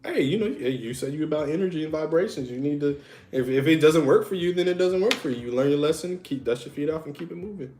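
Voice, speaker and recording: A man's voice: on the high side, fast talker, darkish tone, echoey room, slight background noise. A man co-hosting a podcast in casual chat, talking candidly with many restarts and "you know"s. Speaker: podcast co-host.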